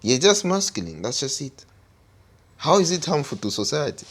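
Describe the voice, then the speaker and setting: Animated man, mocking interjections. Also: a little high, moderate pace. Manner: loud mocking reactions, animated. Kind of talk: casual chat.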